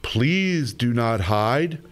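A man voicing a curious, friendly male bear in a children's story, with a high, eager, questioning voice. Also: lively intonation, very slow. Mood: welcoming.

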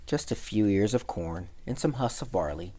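A man voicing a timid, homely male country mouse in a gentle storybook reading. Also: on the low side, animated, normal speed.

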